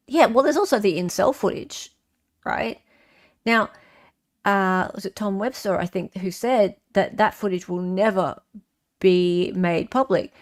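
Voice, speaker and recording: A woman hosting a casual livestream, reading viewer comments aloud and answering them in a chatty way with frequent fillers. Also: medium pitch. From Australia. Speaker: livestream host.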